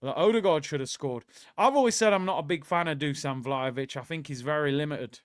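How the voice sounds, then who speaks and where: Male watchalong host: casual, opinionated, talks straight to viewers. Slightly high voice, smooth, dry close sound. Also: brisk, dry recording. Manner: casual, opinionated, conversational, addresses viewers directly. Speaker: host of a live football watchalong. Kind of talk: live watchalong commentary, reading out chat.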